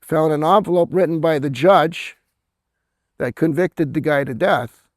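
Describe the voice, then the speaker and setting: A man's voice: a little high, measured pace, dry recording. A middle-aged man telling a story at a convention, with lots of "right?" and laughs at his own tale. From Canada. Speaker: author speaking at a convention. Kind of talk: casual storytelling talk.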